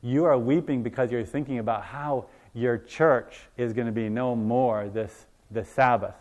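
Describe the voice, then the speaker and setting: A male preacher in mid-sermon, spinning a story and voicing each person in it. He gets loud and emphatic, then drops to a hushed, earnest tone. His pitch sits in the middle range for a man. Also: unhurried, lo-fi sound. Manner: animated storyteller, acts out dialogue, swings from loud to hushed.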